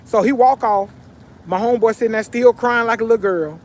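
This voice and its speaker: High-voiced man telling a slangy story. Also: fairly quick. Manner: animated slangy storytelling with repetitions. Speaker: vlogger. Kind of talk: casual storytime narration. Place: sitting on a bench.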